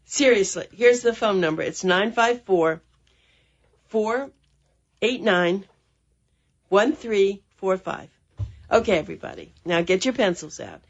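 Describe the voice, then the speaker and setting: A woman's voice: mid-range voice, expressive, unhurried, long pauses. A woman hosting a radio talk show, chatty and playful in casual conversation. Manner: chatty, laughs a lot, playful. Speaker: radio host. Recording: dull lo-fi radio broadcast.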